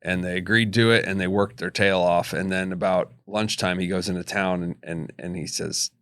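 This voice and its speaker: Deep gravelly man retelling a story. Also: steady tone, fairly bright tone, no room sound, clean studio sound. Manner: halting retelling with many restarts. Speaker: podcast co-host. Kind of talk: casual faith discussion.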